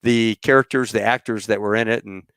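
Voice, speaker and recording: A middle-aged man hosting a podcast, telling rambling, animated stories about flying and acting out what others said. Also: lowish voice, fairly quick, smooth, dry recording, studio quality. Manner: rambling, animated storyteller who acts out quotes. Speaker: podcast host. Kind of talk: casual storytelling chat.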